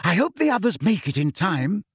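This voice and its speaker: A man's voice: sits high, very animated, slightly rough, pitched above the performer's own voice, exaggerated voice. A man voicing an anxious, bustling, motherly middle-aged witch who frets and hurries everyone along. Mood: fretting. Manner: fussy, hurried, fretting.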